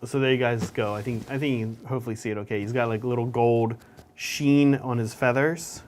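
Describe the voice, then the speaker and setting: A man's voice: mid-range voice, brisk, a little mellow. A man co-hosting a hobby show, chatting casually and explaining each step as he paints miniatures. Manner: chatty, explains steps as he works.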